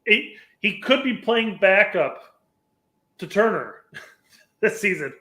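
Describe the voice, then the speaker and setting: A man's voice: sits high, big pitch swings, takes it slowly, pushed and bright, echoey room. A man co-hosting a casual soccer podcast, joking in a laid-back way. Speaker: podcast co-host. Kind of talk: casual sports chat.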